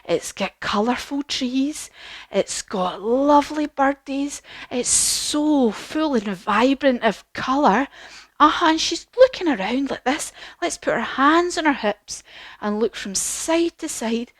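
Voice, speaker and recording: Brief: woman, kids' yoga teacher, very expressive voice that leaps around, dry close sound. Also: high voice, takes it slowly, no room sound. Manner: animated, encouraging, with gasps. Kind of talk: storytelling yoga lesson for children.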